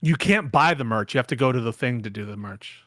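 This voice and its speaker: A man co-hosting a casual chat, playful and jokey, firing off quick questions. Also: medium pitch, lively intonation, fairly bright tone, no room sound, studio quality. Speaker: co-host.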